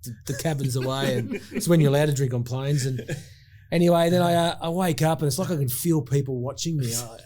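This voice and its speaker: A man's voice: medium pitch, brisk, dark tone. An Australian man, a former rugby player, telling a rambling, self-mocking story between laughs. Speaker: guest, former rugby prop. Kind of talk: casual storytelling.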